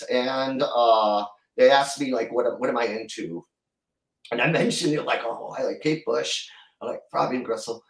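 A middle-aged man telling a long story as a guest in an interview, rambling and halting, with many restarts. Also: lowish voice, echoey room, distant mic, poor audio. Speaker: guest musician.

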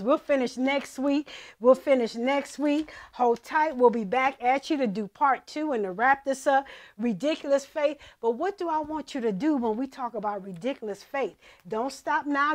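A woman, a pastor's wife, leading a church offering appeal in an emphatic sermon style, repeating her calls to the congregation. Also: high voice. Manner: emphatic, repetitive exhortation. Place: church service streamed online.

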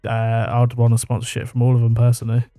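A man's voice: mid-range voice, monotone, fast talker, warm tone, dry recording, soft background music. A man co-hosting a podcast in casual, joking chat, swearing freely and holding his mic in hand. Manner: swearing, joking, laid-back. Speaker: podcast co-host. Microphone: handheld mic.

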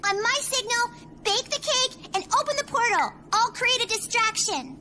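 A woman's voice: very high-pitched, normal speed, heavy background noise. A woman voicing a bossy, scheming cartoon girl who gives orders. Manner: bossy, commanding. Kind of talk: cartoon voice acting.

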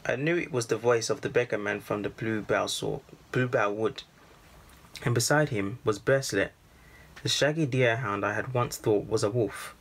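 Man reading a storybook out loud, low husky voice, calm and steady. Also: moderate pace. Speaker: storybook reader. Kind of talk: first-person storybook narration.

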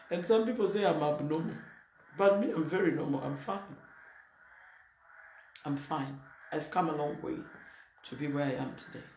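A woman's voice: low-pitched, moderate pace, pauses often, darkish tone. A woman pastor preaching a sermon in a blunt, emphatic, plain-spoken way. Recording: roomy echo, faint noise.

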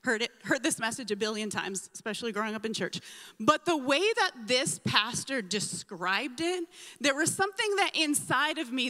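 A woman sharing a mission trip testimony with a church congregation, animated and acting out her own reactions as she tells it. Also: on the high side. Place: church sanctuary. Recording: long hall reverb in a church.

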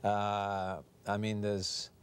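A man's voice: fairly low pitch, completely flat delivery, drawn-out words, a little hiss or hum. A man being interviewed as an actor, talking in a hesitant, wry way with many ums and uhs. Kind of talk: TV interview chat.

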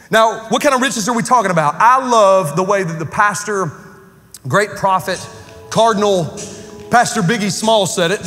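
High-voiced joking pastor in a hall. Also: male voice, brisk, fairly bright tone. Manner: joking, conversational preaching with Southern slang. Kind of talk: lively sermon. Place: church sanctuary with live congregation.

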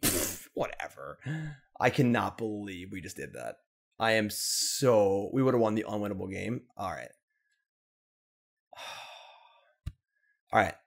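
A man's voice: on the low side, animated, slow pace, vocal fry, long pauses. A man hosting a card game video, commenting casually on his play with mock-dramatic lament and upbeat wrap-up. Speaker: Magic gameplay video host.

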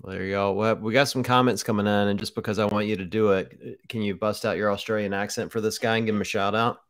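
Blunt low-voiced man, dry sound. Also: fairly even intonation, fast, fairly bright tone, clear, resonant tone, dry recording. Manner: blunt, jokey, swears freely. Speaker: podcast co-host. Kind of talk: casual podcast chat.

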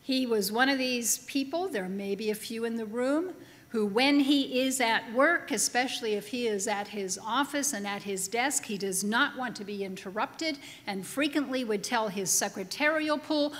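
A woman preaching a sermon in a chapel, telling a story with humor in a slow, deliberate way. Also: fairly high pitch, a bit bright. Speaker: pastor. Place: large chapel. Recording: long reverb of a chapel hall.

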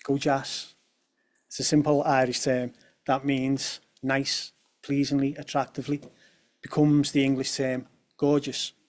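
Man giving a lively talk with asides. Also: medium pitch, measured pace. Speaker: speaker at a talk on language. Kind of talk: presenting a talk.

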